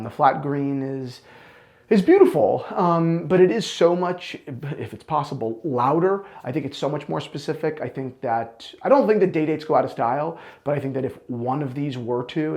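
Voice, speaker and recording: Male watch reviewer, gravelly tone, blunt and enthusiastic opinions. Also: mid-range voice, a little mellow. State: out of breath.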